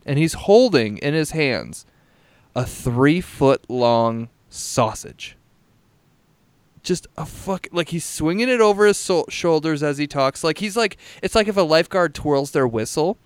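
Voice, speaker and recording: Man, podcast host, rambling storyteller, laughs a lot, smooth clear voice, dry sound. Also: fairly high pitch, animated, unhurried, no echo. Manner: laughing storyteller, swears freely. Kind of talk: casual chat over video call. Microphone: video call.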